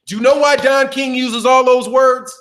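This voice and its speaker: A man's voice: very high-pitched, steady tone, normal speed, a bit bright. A man hosting a boxing channel, ranting in casual commentary with profanity and mocking impressions.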